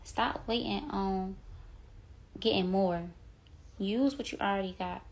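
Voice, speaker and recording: Earnest woman with a gravelly voice. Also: mid-range voice, slow. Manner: earnest, rambling, heavy use of 'like' and 'you know'. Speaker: vlogger sharing a devotional message. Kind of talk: casual devotional talk. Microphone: phone.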